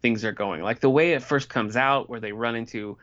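A man in his forties co-hosts a podcast, casually recapping a TV episode and leaning heavily on "like" and "you know." His mid-range voice is fairly bright and moves at a normal speed, though the audio sounds dull.

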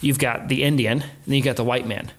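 A man casually retelling a book's plot in a chat, animated, quoting characters and laughing softly. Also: mid-range voice, fast talker. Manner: animated retelling with quoted voices and soft laughs.

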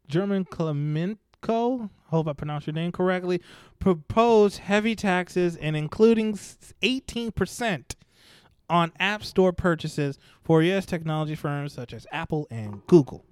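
A man giving casual, blunt, profanity-laced commentary on news stories, mocking and animated as he goes. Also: high voice, measured pace, clean tone, dry recording.

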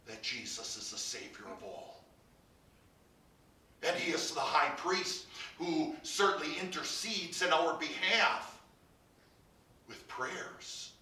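Slow bright-voiced man preaching a sermon. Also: fairly high pitch, distant mic. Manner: preaching with rising emphasis and soft drops. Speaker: pastor. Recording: roomy, from off the mic.

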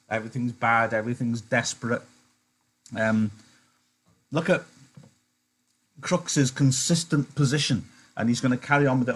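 An English teacher with a medium-pitched, breathy voice runs a live online lesson, reading a novel aloud. He's chatty and digressive, often cutting himself off mid-thought.

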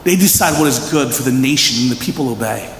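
A man's voice: medium pitch, fast talker. A man from Philadelphia preaching a casual, conversational sermon and often asking the audience questions. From Philadelphia, USA. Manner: animated, chatty, asks the audience questions. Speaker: pastor. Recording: echoey hall reverb, faint room noise.

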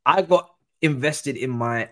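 A man telling an animated story in casual chat, acting out other people's voices. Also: mid-range voice, unhurried. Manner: animated, acts out quoted voices. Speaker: guest football pundit.

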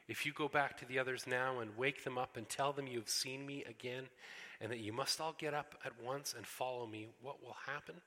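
A preacher voicing a wise male lion who speaks in a calm, grave, measured way. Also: mid-range voice, natural voice. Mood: solemn. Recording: echoey hall.

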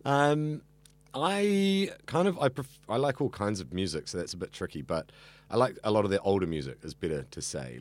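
A man's voice: low voice, darkish tone. A young man who studies radio and hosts an evening show, chatting earnestly in an interview with lots of fillers and restarts. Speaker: radio student and evening radio host. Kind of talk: casual interview chat.

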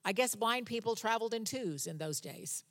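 A woman preaching a sermon, reading scripture aloud and explaining it with humorous conversational asides, her voice rising loud for cries and dropping soft on key words. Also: mid-range voice, expressive, moderate pace.

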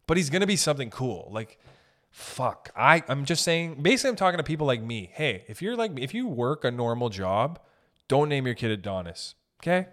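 A young man hosting a podcast, ranting casually with profanity and jokey asides. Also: mid-range voice. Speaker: podcast host. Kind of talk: casual comedic podcast rant.

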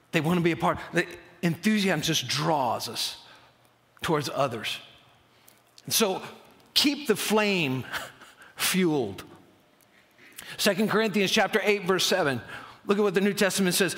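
High-pitched guy preaching, all fired up, keeps tripping on restarts, echoey church hall. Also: normal speed. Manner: energetic, stammering restarts, animated. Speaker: pastor. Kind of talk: sermon. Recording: long hall reverb.

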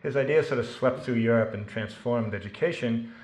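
A man's voice: medium pitch, fairly quick, darkish tone, reverberant. A man giving a talk before reading from his novel to an audience, self-deprecating and joking, with plenty of ums and restarts. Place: lecture room with an audience.

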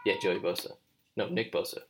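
In a studio, this podcast co-host chats casually, loose and jokey as he wanders from topic to topic. He has a deep, steady voice and talks briskly over slight background noise.

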